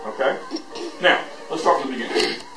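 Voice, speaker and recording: A man's voice: mid-range voice, fairly quick, creaky, over music. A man leading a voice master class, joking with students and demonstrating with his voice. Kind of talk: teaching a class. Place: school hall. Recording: echoey hall, recorded from far off.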